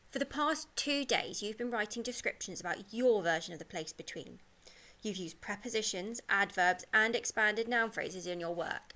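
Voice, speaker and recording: A woman teacher giving a pre-recorded lesson to young pupils, speaking in a bright, encouraging way. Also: mid-range voice, vocal fry. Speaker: primary school teacher.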